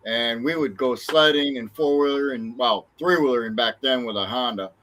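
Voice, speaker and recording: A man's voice: mid-range voice, normal speed, fairly bright tone, low-quality recording. A man casually chatting on a podcast and telling an easygoing story from his childhood. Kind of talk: casual chat.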